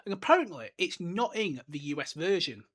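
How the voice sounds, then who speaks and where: An enthusiastic young man hosts his solo podcast, chatting casually and drifting off on tangents. His voice sits a little high and sounds bright and sharp. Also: big pitch swings, fairly quick. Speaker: podcast host.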